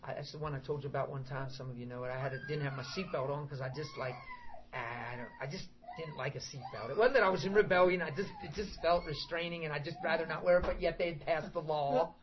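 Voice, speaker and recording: A middle-aged man preaching an informal sermon to a small group, emphatic and animated, acting out prayers and quotes as he goes. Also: on the high side, fast talker. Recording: dull lo-fi recording with faint background hiss.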